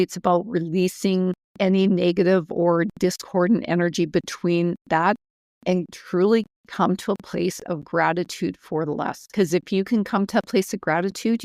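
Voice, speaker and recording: Female co-host, lower voice, dry close sound; firm and direct, advising listeners. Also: a little mellow, no room sound. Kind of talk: casual spiritual podcast talk.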